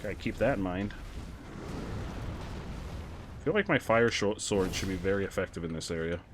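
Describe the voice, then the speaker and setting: A young adult man streaming a game, chatting casually with sudden excited outbursts. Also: deep voice, moderate pace, noisy background. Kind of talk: casual gameplay commentary.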